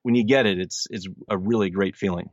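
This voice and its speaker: A man's voice: on the low side, a little fast, no room sound. A man in his thirties, an audiobook narrator being interviewed, talking earnestly and rambling with many restarts. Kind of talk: casual interview chat. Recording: slightly dull lo-fi sound.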